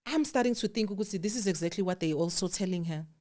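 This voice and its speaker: South African woman, low voice, candid storyteller. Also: fast talker. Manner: candid, animated quoting of others, drops to hushed tones. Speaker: guest. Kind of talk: emotional personal storytelling.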